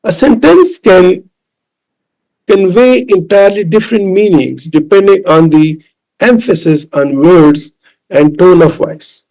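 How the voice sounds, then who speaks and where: A man with a Pakistani English accent lecturing as a professor, deliberate and repetitive, with fillers. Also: sits high, darkish tone, poor audio. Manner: slow, deliberate, repeats key points with fillers. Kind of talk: recorded lecture.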